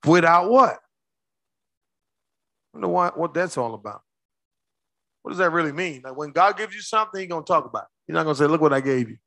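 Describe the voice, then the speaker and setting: A man preaching a sermon as pastor, quizzing his congregation with quick questions and slowing down hard to stress key words. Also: fairly high pitch, animated, vocal fry, pushed and bright, no room sound. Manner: call-and-response questions to the congregation.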